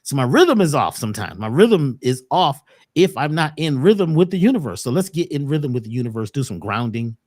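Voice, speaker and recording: A man giving a calm, preachy spiritual talk as a guest on an online show. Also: mid-range voice, brisk, dry recording, studio quality. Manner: calm, preachy, rhythmic phrasing. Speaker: guest speaker.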